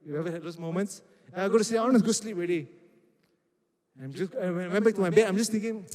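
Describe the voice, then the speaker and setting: A man's voice: sits high, fast. A man who preaches to youth and acts out the quotes in his stories. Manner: animated storytelling with acted-out quotes. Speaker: youth pastor. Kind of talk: sermon. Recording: reverberant hall.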